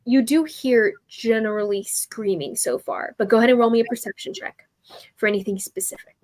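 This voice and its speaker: Chatty woman game master. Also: on the high side. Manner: lively, chatty narration with quick voiced asides. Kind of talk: narrating a tabletop game.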